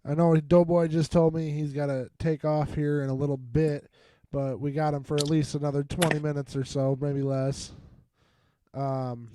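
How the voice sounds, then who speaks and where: A man's voice: medium pitch, warm tone, no room sound. Laid-back male radio host, dry sound. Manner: laid-back, swears casually. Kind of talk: casual interview chat.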